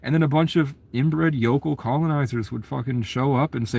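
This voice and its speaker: A man's voice: medium pitch, fairly quick, creaky, few pauses, mellow, no room sound. Man ranting in a rambling monologue. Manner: profane, conspiratorial rant, jumps between ideas. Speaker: documentary subject.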